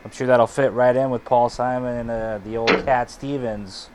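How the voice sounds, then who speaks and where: A man co-hosting a radio show in casual banter, easygoing and quick to laugh. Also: mid-range voice, steady tone, noisy background. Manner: slow, easygoing, laughs often.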